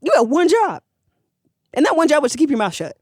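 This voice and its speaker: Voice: medium pitch, normal speed, dry recording, natural voice. Storyteller putting on a mad gang boss guy barking orders, dry sound. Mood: furious. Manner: scolding, commanding. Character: angry male gang boss, domineering.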